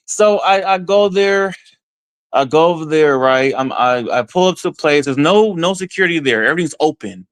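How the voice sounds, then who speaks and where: A man from Texas tells a story as a podcast guest in an excited first-person way, voicing his own reactions as he goes. His voice sits a little high, and the sound is close and dry with no room echo. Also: moderate pace, smooth. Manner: excited, retells events with quoted self-talk.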